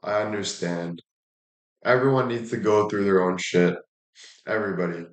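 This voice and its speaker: A man's voice: on the low side, moderate pace. A man talking in a casual monologue, blunt and emphatic, swearing heavily and repeating himself for emphasis. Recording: echoey room.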